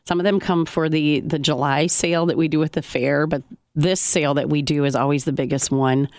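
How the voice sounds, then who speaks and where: Low-voiced woman business guest. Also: steady tone, fairly quick, no room sound, studio quality. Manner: warm, chatty, explains in long runs. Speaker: coffee shop owner, guest. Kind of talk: casual radio chat. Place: radio studio.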